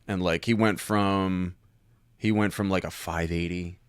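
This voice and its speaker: A man spins rough-edged car lot stories in a relaxed podcast chat. His voice sits a bit low, recorded close and dry with no room sound. He swears freely and slips into his customers' voices. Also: unhurried, no room sound. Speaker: former car salesman, podcast guest. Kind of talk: casual storytelling chat.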